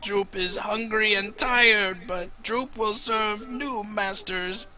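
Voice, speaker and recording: A man's voice: high-pitched, steady tone, slow pace, bright, forceful tone, voice pushed up, exaggerated voice. Droop, a man doing a groveling little goblin. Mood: pleading. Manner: speaks of himself in third person, pleading. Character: timid male goblin servant, small and groveling.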